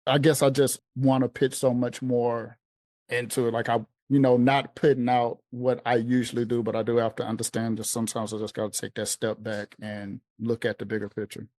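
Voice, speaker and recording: A man in his forties speaking on a video call, earnest and a little anxious as he reflects out loud. His voice is mid-pitched and the sound is dry and close, with no room echo. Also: flat delivery, fairly quick. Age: 40s. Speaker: coaching client. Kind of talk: coaching call.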